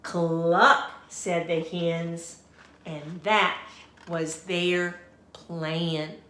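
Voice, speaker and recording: A woman teacher reading a picture book aloud at a slow, unhurried pace. Her voice is bright and clear, and she pauses often to ask the children questions. It sounds like an echoey room. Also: fairly low pitch, little pitch movement. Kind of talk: read-aloud storytime for children.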